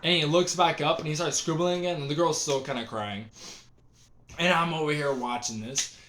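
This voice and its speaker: A man's voice: on the high side, moderate pace, a bit bright, slight background noise. A young man telling a story in a casual, rambling way, full of fillers and restarts.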